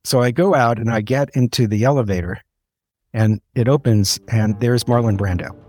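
A man's voice: mid-range voice, moderate pace, a little mellow. A man recounting a wry, awkward story in a casual way. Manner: wry, building to comic repetition. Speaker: guest storyteller. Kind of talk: casual anecdote telling.

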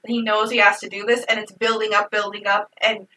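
Animated, bright woman recapping a film. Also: medium pitch, brisk, far from the mic, rough recording. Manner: animated, emotional, swears freely. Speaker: podcast co-host. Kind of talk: casual movie recap chat.

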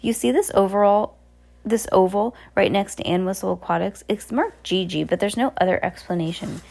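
An earnest, studious teenage boy, as a woman reads him aloud. He explains things carefully, in a plain voice with some gravel in it. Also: medium pitch, moderate pace, a little mellow. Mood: puzzled.

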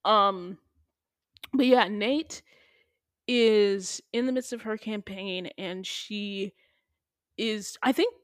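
A woman's voice: medium pitch, slow, pauses often, no room sound, clean studio sound. A young woman hosting a podcast, recapping a TV episode in a playful, slangy way. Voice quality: animated, playful delivery with slang. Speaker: podcast host. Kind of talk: casual TV recap chat.

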